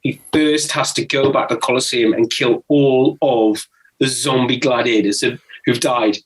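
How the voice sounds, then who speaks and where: A man co-hosting a casual film podcast, animated and jokey, swearing freely. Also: mid-range voice, unhurried, a crowd in the background, poor audio. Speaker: podcast co-host.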